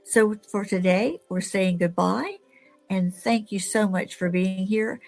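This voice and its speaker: A woman with a mid-range voice hosts an interview podcast. She keeps affirming her guest with quick murmurs of agreement and speaks with enthusiasm. Faint music sits underneath her. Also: medium pitch, gravelly, darkish tone. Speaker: podcast host.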